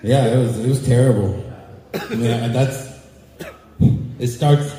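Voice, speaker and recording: Rambling man doing stand-up, slow and echoey. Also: mid-range voice, a crowd in the background. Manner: loose, rambling, laughing at his own jokes. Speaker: stand-up comedian. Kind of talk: stand-up comedy set. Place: club or hall with a live audience. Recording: echoey hall, noisy live room.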